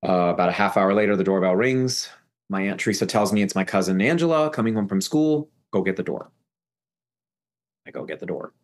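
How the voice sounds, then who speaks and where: Man haltingly recounting a frightening memory. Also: low voice, lively intonation. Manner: halting, repeating phrases, stumbling restarts. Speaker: podcast guest. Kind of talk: emotional personal storytelling.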